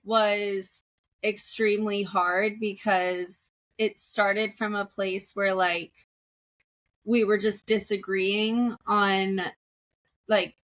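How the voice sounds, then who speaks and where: A woman's voice: mid-range voice, flat delivery, extremely slow, a bit bright. A young woman guest on a podcast, candidly telling a story about a relationship, with many "like" fillers and laughs mixed in.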